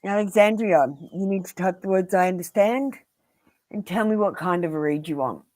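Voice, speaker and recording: A woman with an Australian accent giving blunt, earnest tarot readings on a live stream, pausing often with ums. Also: lowish voice, a little mellow, no echo. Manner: blunt and earnest, addressing viewers by name; frequent ums and pauses. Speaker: tarot reader.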